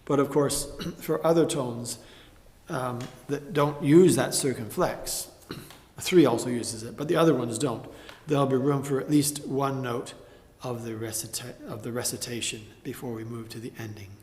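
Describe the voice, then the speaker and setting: A man teaching psalm chanting in a measured spoken tutorial, breaking off now and then to sing short demonstration phrases. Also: mid-range voice, darkish tone. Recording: roomy space with long reverb.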